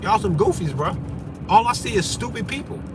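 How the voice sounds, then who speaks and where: A man's voice: sits high, animated, brisk. A man delivering a brash, profane, combative rant as a vlogger, with faint vehicle noise behind him. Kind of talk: profane ranting monologue.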